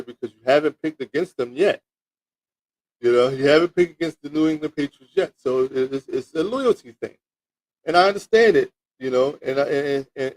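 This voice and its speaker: On the high side and a little mellow, this man's voice comes through a rough recording with no echo. Hosting a sports show, he wanders through his football picks with many repeats and restarts, mocking the live chat with pretend toilet flushes.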